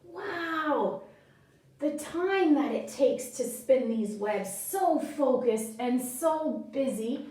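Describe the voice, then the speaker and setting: A woman leads a children's yoga class in a high, unhurried voice, cheering the kids on as she reads a story. She is recorded from a distance in a very echoey studio. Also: expressive. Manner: bright encouraging instructions to children. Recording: echoey room, from far off.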